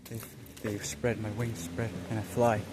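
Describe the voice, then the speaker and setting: A man giving voice to a gentle divine spirit that speaks slowly and softly, with quiet solemnity. Each phrase comes low and tender, as he lets it speak through him, in an intimate spoken testimony. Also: flat delivery, very noisy, close to an everyday voice.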